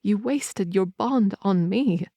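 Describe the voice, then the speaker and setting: A woman voicing a young female vampire heir in an audiobook, with a higher, urgent and emotional delivery. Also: slow pace, no room sound, dull audio. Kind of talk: audiobook character reading.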